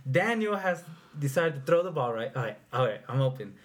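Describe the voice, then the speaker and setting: A man's voice: mid-range voice, big pitch swings, fairly quick. A man on a casual podcast telling a rambling, profane sports story and acting it out. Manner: rambling, swearing, acts out the moment. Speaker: podcast co-host.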